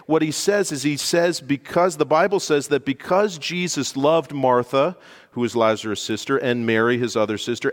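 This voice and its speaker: Animated male preacher in a reverberant hall. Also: mid-range voice, moderate pace. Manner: animated storytelling, rising loud for emphasis, dropping quiet for dramatic moments. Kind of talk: sermon.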